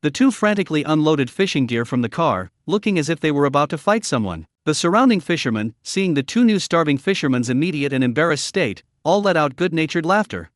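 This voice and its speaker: A man narrating a comic story recap in scripted, animated storytelling. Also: on the high side, a little fast, hardly any pauses, no room sound, clean studio sound.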